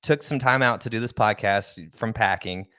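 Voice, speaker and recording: A man's voice: lowish voice, normal speed, pushed and bright, clear, resonant tone. A man hosting a podcast with an irritated throat, chatting casually and asking questions in bursts. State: irritated throat, clears it and coughs. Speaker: podcast host and interviewer. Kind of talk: casual conversation.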